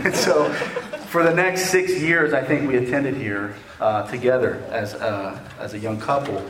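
A man in his forties preaches as a guest in a church sanctuary, telling a personal story in a folksy, joking way and often asking "okay?". His medium-pitched voice moves at a moderate pace, with a crowd audible in the echoey room.

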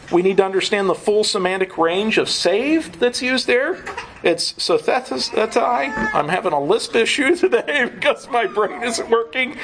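A man's voice: sits high, fairly bright tone, a little hiss or hum, poor audio. A man preaching a sermon, earnest teaching that often breaks into a chuckle.

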